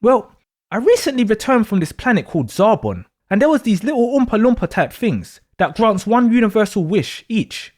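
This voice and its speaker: A spacey young woman with a cutting streak, played by a man. She drifts into mystical rambling and fires back insults when pushed, her pitch swooping widely from line to line. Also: sing-song, moderate pace, darkish tone. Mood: defensive. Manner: rambles about mystical trips, then snaps back with insults.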